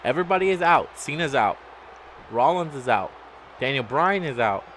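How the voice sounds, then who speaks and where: A man's voice: mid-range voice, lively intonation, normal speed, fairly bright tone, slight background noise. Man ranting bluntly to camera. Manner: blunt and profane, talking in bursts. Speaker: gaming and wrestling vlogger. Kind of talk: casual rant.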